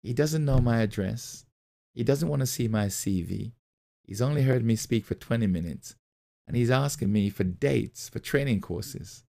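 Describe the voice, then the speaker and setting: A man's voice: medium pitch, normal speed, vocal fry, mellow. A middle-aged male pastor giving a motivational sermon, telling a personal story and repeating key phrases. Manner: storytelling, repeats phrases, acts out quoted voices.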